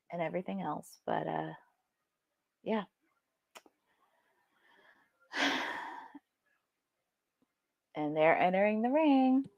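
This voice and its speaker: A woman's voice: on the low side, lively intonation, takes it slowly, vocal fry, pauses often, darkish tone. A woman co-hosting a wrestling watch-along, giving casual live commentary in a chatty, wry, sarcastic way.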